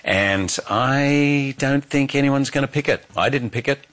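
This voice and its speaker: A man's voice: mid-range voice, a little slow. A middle-aged man, an actor, chatting enthusiastically in an interview. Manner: enthusiastic, warm about the film. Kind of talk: casual interview chat.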